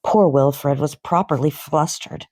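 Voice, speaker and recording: A woman reading a novel aloud in an expressive, unhurried storybook manner. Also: deep voice, no room sound, clean studio sound.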